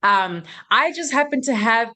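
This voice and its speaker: A woman's voice: fairly high pitch, lively intonation, unhurried, sharp tone. Chatty young woman from South Africa. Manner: chatty, uses "like" a lot. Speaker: actress, guest. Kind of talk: casual interview chat.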